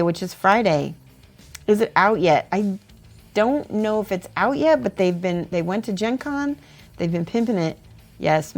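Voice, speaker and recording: A woman livestreaming as she paints miniatures, reading viewer messages aloud and thinking out loud between brushstrokes. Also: on the low side. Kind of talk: casual livestream chat while painting.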